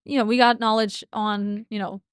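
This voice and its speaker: A woman's voice: fairly high pitch, flat delivery, normal speed, clean tone, no echo, studio quality. A young woman co-hosting a livestream, telling stories in a chatty way and laughing often. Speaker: livestream co-host. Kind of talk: casual livestream chat.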